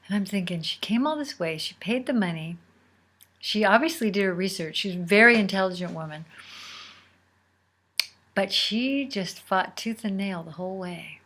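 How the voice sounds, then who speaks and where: A woman host telling a personal story in a casual, unhurried way, sometimes dropping to a near whisper. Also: mid-range voice, lively intonation, fairly bright tone. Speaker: podcast host.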